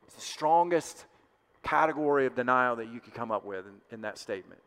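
A male pastor preaching a sermon with passion, swelling louder and then dropping to hushed asides. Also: medium pitch, lively intonation, brisk, clear, resonant tone. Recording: long hall reverb.

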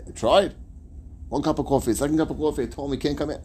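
A man's voice: on the high side, fast, a little mellow, slight background noise, voice pushed up, close to an everyday voice. A man doing an eager, chatty rabbi's assistant. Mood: exasperated. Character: eager male assistant to a rabbi, trying hard.

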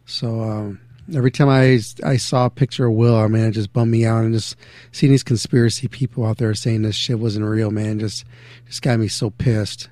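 A man's voice: fairly low pitch, fairly even intonation, normal speed, warm tone, no echo. A man hosting a radio show in loose, rambling casual chat with many fillers. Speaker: radio host.

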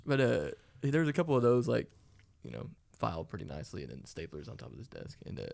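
Casual chatter: young guy, gravelly fry, loose and rambling, curses a lot. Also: lowish voice, sing-song, quick pace, darkish tone. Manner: rambling storytelling, swears often, laughs along. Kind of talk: casual chat.

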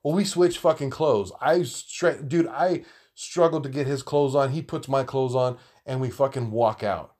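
A man's voice: mid-range voice, normal speed, a little mellow. A man, telling stories from his youth in a casual, profane, rambling way, often laughing mid-sentence. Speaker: storyteller. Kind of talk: casual storytelling monologue.

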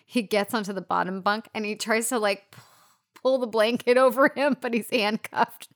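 A woman co-hosting a casual film discussion podcast, animated and swearing freely as she retells scenes. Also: fairly high pitch, moderate pace. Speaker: podcast co-host.

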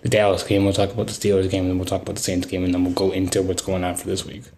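A man's voice: low voice, completely flat delivery, rapid-fire, creaky, darkish tone, slight background noise. A young man co-hosting a casual sports podcast, rambling and searching for words with many fillers. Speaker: podcast co-host.

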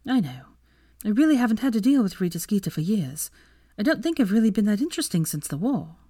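A woman's voice: medium pitch, sing-song, fast, dark tone, breathy edge, no room sound, clean studio sound, voice pushed up. A woman voicing a spirited, defiant young witch in an audiobook reading, with an emphatic delivery. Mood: calm.

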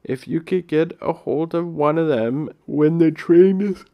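A man's voice: on the high side, unhurried, lo-fi sound, voice pushed up, close to an everyday voice. A man reading aloud, voicing a kindly, chatty railway porter who explains things in folksy, ungrammatical speech.

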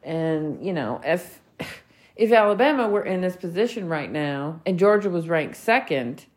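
A woman's voice: lowish voice, animated, measured pace. A woman, hosting a solo podcast rant, blunt, heated and full of swearing. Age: 40s. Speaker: podcast host.

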